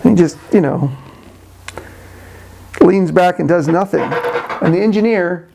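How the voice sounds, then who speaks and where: A man's voice: sits high, unhurried, gravelly, noisy background. A man casually telling a long joke to the camera in a rambling way, full of restarts and "you know". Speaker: video blogger.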